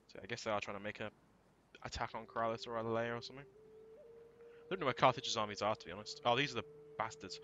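A man thinking aloud through a strategy game, casual and prone to swearing and sudden shouts. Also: medium pitch, slight background noise. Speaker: let's play gamer. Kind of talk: casual gameplay commentary.

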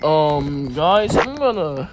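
A man's voice: a little high, big pitch swings, takes it slowly, background noise. A young man casually commenting on his gameplay in a laid-back, chatty way and teasing his in-game pet. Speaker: gaming channel host. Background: loud game music.

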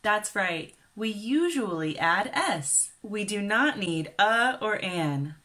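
A woman from Kansas with a Midwestern American accent, giving a careful, clearly enunciated English lesson for beginners. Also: mid-range voice, very animated, slow pace, pushed and bright. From Kansas, USA. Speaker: English teacher. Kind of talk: slow scripted ESL lesson.

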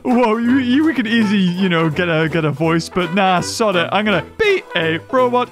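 Goofy high-voiced gamer. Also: male voice, animated, moderate pace, hardly any pauses, fairly bright tone, soft background music. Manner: goofy, jokey, sudden squeals and silly voices. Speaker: gaming YouTuber. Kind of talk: let's play commentary.

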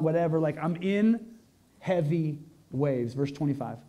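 A man's voice: a little high, animated, a little slow, dark tone. A male pastor preaching a conversational sermon to a congregation, full of rhetorical questions and emphatic peaks.

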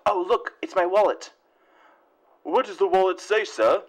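A man acting in a playful comedy skit, animated and swooping in pitch. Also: normal speed, rough recording. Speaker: show regular.

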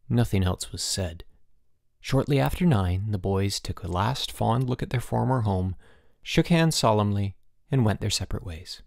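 A man reads a children's novel aloud as an audiobook narrator. His delivery is expressive, and his pitch moves a great deal. The recording is dry and close. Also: normal speed, gravelly, dry recording. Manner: expressive storytelling. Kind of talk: scripted narration.

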